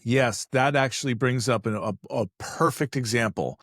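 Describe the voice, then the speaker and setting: Brief: mid-pitched male podcast talker, lively storytelling with jokes, close dry recording. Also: moderate pace, no room sound. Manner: animated storyteller, acts out voices, joking asides. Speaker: e-commerce expert. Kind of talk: casual podcast conversation.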